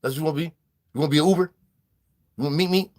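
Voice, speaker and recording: Animated man telling prison stories. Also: fairly high pitch, racing. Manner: animated street slang, acts out quoted dialogue, greets live viewers. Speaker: vlogger. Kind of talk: casual storytelling vlog.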